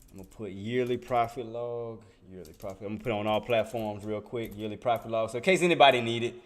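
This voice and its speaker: A man's voice: on the low side, quick pace. A man hosting a live day-trading stream, talking casually to his chat in slang and laughing often.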